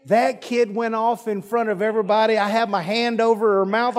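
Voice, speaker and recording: A man's voice: high voice, fairly even intonation, normal speed. A male pastor preaching a sermon, folksy and joking with the congregation.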